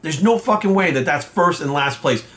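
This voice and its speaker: A man's voice: a little high, lively intonation, moderate pace, fairly bright tone. A man who coaches and judges bodybuilding, delivering a heated, profane, confrontational rant to his viewers. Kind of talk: profane ranting vlog monologue.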